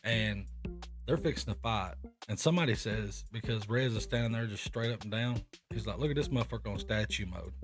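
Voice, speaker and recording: A man's voice: fairly low pitch, fairly quick. A young man hosting a podcast, telling rambling, profane stories in casual chat. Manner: profane, rambling anecdotes with animated quoted voices. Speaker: podcast host. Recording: music playing in the background.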